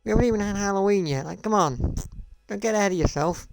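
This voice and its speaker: A man's voice: sits high, fast, vocal fry, soft background music. A man streaming live, ranting in a sarcastic, profane and repetitive way. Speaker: gaming streamer. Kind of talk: casual live-stream rant.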